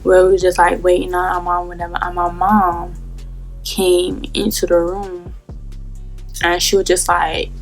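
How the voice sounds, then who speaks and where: A woman's voice: lowish voice, completely flat delivery, unhurried, soft background music. A young adult woman telling a casual story in a rambling, profane way, full of fillers. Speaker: vlogger.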